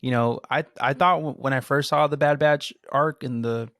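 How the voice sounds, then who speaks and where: A man's voice: mid-range voice, steady tone, normal speed, a bit bright, no echo, clean studio sound. A man co-hosting a podcast in casual chat, enthusiastic and swearing freely. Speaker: podcast co-host.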